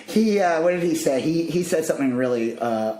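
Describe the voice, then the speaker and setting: A man with a slightly high voice chats casually on a podcast. He tells stories with a lot of energy, laughing and acting out the lines he quotes. The room gives his voice a strong echo. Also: brisk. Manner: animated, laughs while telling stories, acts out quotes. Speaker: podcast co-host. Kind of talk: casual chat.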